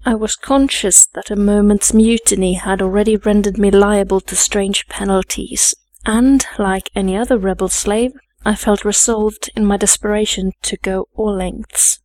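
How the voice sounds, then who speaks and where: Woman, audiobook narration, measured reading, mid pitch, dry. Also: steady tone, darkish tone, no room sound. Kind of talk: scripted narration.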